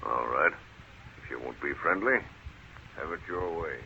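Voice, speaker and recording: An actor playing a scheming, smooth-talking frontier store and cafe owner, with a sly, mocking, falsely friendly manner, in 1940s radio acting. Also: male voice, extremely low pitch, animated, unhurried, bright, forceful tone, full character voice. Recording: tinny, hissy old radio broadcast.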